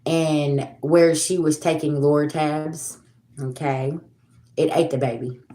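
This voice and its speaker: Casting: woman, 40s, low voice, blunt and preachy livestream host, profane, roomy echo. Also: steady tone, takes it slowly, warm tone. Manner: blunt, profane and preachy, addresses viewers as y'all. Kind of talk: casual livestream talk.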